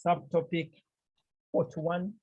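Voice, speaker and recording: A Cameroonian man leads a Greek lesson at an unhurried, measured pace. His voice is a little husky. It comes through a thin, phone-like line. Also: a little high, level tone, a little mellow. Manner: slow, deliberate, repeats key points and checks with "Okay?". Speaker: Greek teacher. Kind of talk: classroom lecture.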